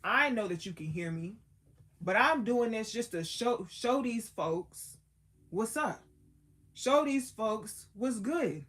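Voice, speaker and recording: A woman's voice: on the high side, lively intonation, slow pace, a bit bright, voice pushed up. A woman voicing Jesus as a streetwise grown man, talking slangy and insistent like a close friend. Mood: confident.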